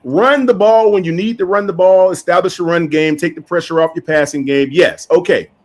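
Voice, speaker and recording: A man co-hosting a casual sports debate, animated and excitable, jumping in over others. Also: high voice, a little fast.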